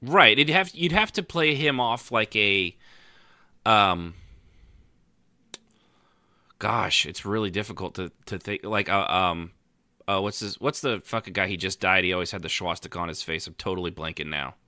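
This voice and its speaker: A podcast co-host rambles through a casual chat about roleplay, full of fillers and restarts. His voice sits low and sounds pushed and bright at a normal speed, captured in a dry, clean studio recording.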